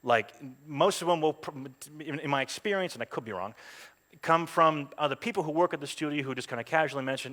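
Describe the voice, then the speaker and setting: Chatty man giving a conference talk. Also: a little high. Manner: chatty, anecdotal, lively with frequent ums and quick voiced asides. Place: stage at a game jam event.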